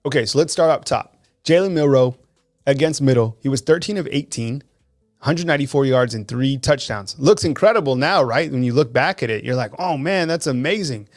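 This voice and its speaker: A man hosting a live call-in sports talk show, talking in an animated, conversational way and reading fan comments aloud. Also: mid-range voice, fairly quick, faint music behind.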